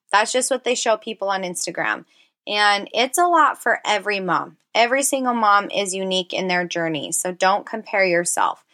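A woman's voice: medium pitch, pushed and bright. Woman podcast host, 30s, chatty and encouraging, heartfelt casual monologue. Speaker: podcast host and personal trainer.

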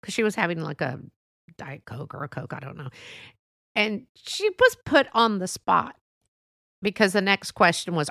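Chatty woman with a gravelly voice. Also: lowish voice, animated, normal speed, long pauses, fairly bright tone, no echo, clean studio sound. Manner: chatty and rambling, with asides. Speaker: podcast storyteller. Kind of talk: casual storytelling monologue.

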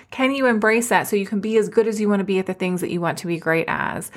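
A woman's voice: medium pitch, quick pace, hardly any pauses. A woman hosting a motivational podcast, talking in an upbeat, encouraging pep-talk manner with casual swearing. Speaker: podcast host and business coach.

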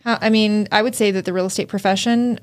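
A woman's voice: mid-range voice, fairly even intonation, fast. Frank, emphatic woman podcast co-host. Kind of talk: casual chat.

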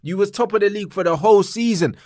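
A man's voice: sits high, fast, a little mellow, dry recording, clean studio sound. Blunt man, slangy football banter. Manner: blunt, mocking, slang-heavy. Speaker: podcast co-host.

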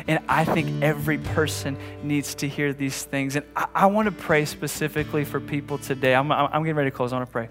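A man's voice: a little high, fairly even intonation, quick pace, hardly any pauses, over music. A man preaching a sermon as a pastor in a conversational way, often restarting and repeating phrases, building to emphatic passages. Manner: rises to emphatic, louder passages.

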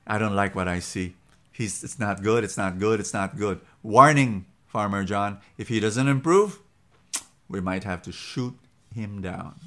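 A man doing a grave, low-voiced vet. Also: measured pace, sharp tone. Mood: grim. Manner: somber, warning, low-key. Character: grave male country veterinarian.

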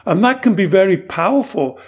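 Male teacher-host, higher-set voice, earnest and explanatory, acts out quoted lines. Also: expressive, brisk, husky, highs cut off. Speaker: Taoist monk and podcast co-host. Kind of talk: reflective teaching talk.

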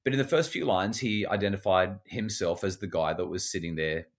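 A man's voice: deep voice, brisk. A middle-aged man with an Australian accent, a parenting educator telling stories conversationally. He acts out the voices he quotes and often repeats words as he starts a sentence. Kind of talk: conversational storytelling.

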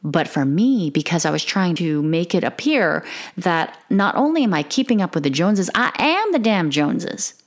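A woman's voice: fairly low pitch, big pitch swings, normal speed. A middle-aged woman giving an earnest, emotional, candid monologue to other mothers about her parenting. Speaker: parenting podcaster. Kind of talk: confessional monologue.

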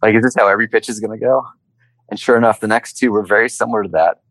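An entrepreneur being interviewed speaks very fast in a lowish voice, on a dry recording with poor audio. He tells his story conversationally and animatedly, acting out the voices of the people he quotes.

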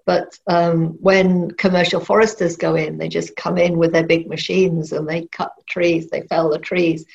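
A woman's voice: fairly low pitch, level tone, creaky, a little mellow, lo-fi sound. A middle-aged woman, a novelist, answering interview questions thoughtfully with frequent restarts. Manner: thoughtful, halting, many restarts.

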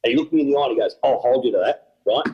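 A man's voice: medium pitch, racing, dull audio. A middle-aged Australian man, an event organizer, telling stories in an interview, laughing often and acting out what people said. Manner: animated storyteller, laughs often, acts out quotes. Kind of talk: storytelling interview.

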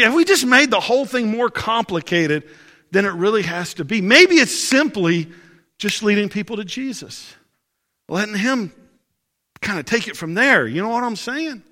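A man's voice: high voice, sharp tone, in a large hall. A man preaching a sermon as pastor, telling a story in a conversational way and asking the congregation rhetorical questions. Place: church service.

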